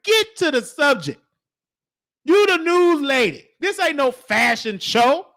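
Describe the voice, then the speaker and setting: A man with a high-pitched voice riffs through a casual reaction commentary. He teases and scolds in a preachy way, drawing out each "honey" as he hosts his show. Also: sing-song, sharp tone. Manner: teasing, preachy, drawn-out "honey"s. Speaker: show host.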